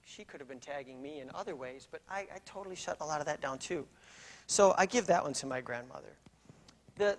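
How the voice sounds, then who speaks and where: Storytelling man in an echoing hall. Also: a little high. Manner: conversational with frequent fillers and restarts. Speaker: keynote speaker. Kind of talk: storytelling keynote. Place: conference hall. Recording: long reverb of a hall.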